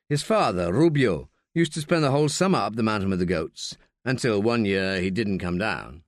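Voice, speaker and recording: A man's voice: lowish voice, dry recording, studio quality. A man reading an audiobook as narrator, voicing the characters as he goes. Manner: slow, lively reading with voiced characters. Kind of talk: scripted narration.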